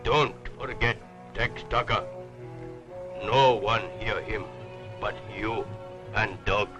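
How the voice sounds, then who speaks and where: An actor playing a solemn old chief who speaks in short, clipped phrases in an old puppet show. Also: male voice, fairly low pitch, steady tone, takes it slowly, rough recording. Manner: broken, clipped phrasing, grave. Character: solemn, slow-spoken old tribal chief. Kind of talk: 1960s TV puppet show acting. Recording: old TV soundtrack with music underneath.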